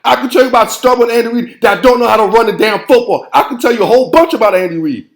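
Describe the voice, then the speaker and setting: A man's voice: very high-pitched, fast talker, roomy sound. A man hosting a football show, ranting in a heated, preachy way and repeating himself. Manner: fired-up, preachy, repeats phrases and says "man" constantly. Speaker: sports show host.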